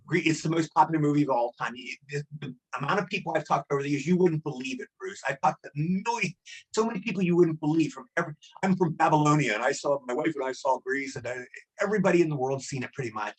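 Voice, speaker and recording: A man being interviewed as a guest actor, telling stories in a fast, excitable way and acting out the quotes. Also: a little high, slightly rough, low-quality recording. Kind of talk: animated storytelling.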